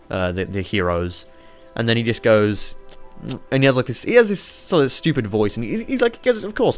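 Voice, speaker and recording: A man rambling excitably and swearing freely as he chats casually over a city-building game. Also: on the low side. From Australia. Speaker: YouTuber playing a city-builder.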